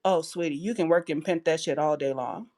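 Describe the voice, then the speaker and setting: A woman's voice: deep voice, fairly quick, dark tone. Blunt, profane woman branding expert. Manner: blunt, profane and sassy, calls people sweetie. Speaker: guest, personal branding expert. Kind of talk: live audio-room conversation.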